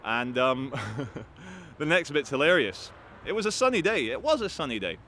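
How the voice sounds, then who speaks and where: A man telling a story to camera in an animated, profane, rambling way. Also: on the high side, normal speed, a little hiss or hum. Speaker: activist vlogger.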